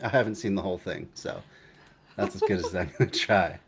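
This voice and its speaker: A young man hosting a live stream, chatting casually in a rambling, halting way, with many restarts and fillers. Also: sits low, over a noisy crowd. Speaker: livestream host.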